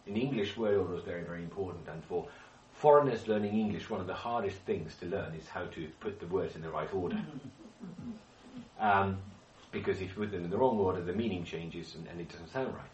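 A man's voice: low voice, brisk, a little mellow, dull audio, slight background noise. A man leading a Bible study group, explaining with questions to the group and frequent restarts. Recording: echoey room, speaker far from mic.

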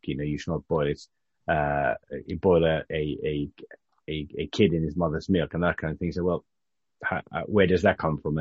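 A man's voice: low-pitched, darkish tone, slightly rough, dry recording, lo-fi sound. A man from Britain leading an informal Bible study, talking conversationally with frequent halts and restarts. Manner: halting, restarts often, conversational.

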